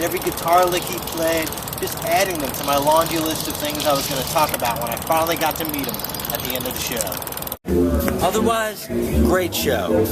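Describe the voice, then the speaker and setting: A man's voice: a little high, poor audio. A man from New Jersey telling a personal story in a wry, self-mocking way. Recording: handheld camera with loud vehicle noise.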